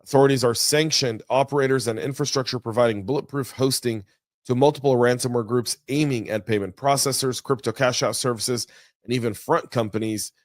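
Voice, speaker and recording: A man hosting a news podcast, talking through the stories in a chatty, energetic way with folksy asides. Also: mid-range voice, brisk, no room sound, studio quality. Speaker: podcast host. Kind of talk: casual news commentary. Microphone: studio mic.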